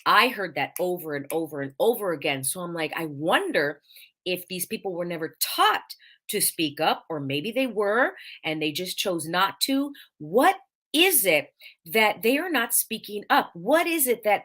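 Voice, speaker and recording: A woman hosts a casual live-stream monologue, her bright, forward voice leaping up and down in pitch as she tells a story. She repeats key points for emphasis, slips into the voices of the people she quotes, and keeps her diction careful and clear. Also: sing-song, unhurried. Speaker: host of a live podcast show.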